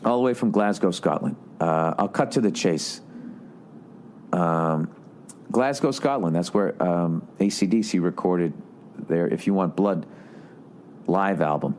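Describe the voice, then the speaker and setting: A man's voice: low voice, slow, long pauses, darkish tone, slight background noise. A man hosting a podcast, ranting with heavy swearing and sarcasm and reading listener letters aloud. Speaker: podcast host. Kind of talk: casual podcast monologue.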